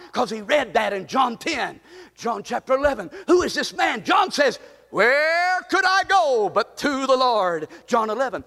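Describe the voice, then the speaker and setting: A man preaching a fervent sermon, often shouting and calling the congregation to repeat after him. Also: very high-pitched. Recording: long reverb in a large hall.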